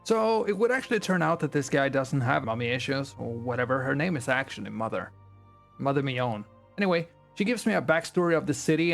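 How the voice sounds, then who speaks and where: A young man telling a game's story as comedy, in a casual, crude and slangy way. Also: medium pitch. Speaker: gaming video creator. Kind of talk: comedic game retelling.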